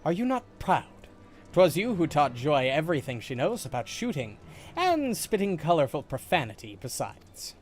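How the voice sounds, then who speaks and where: A man's voice: on the high side, big pitch swings, normal speed, faint music behind. A man voicing a posh, formal young male noble inventor who speaks in stilted, old-fashioned courtly phrases. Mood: teasing.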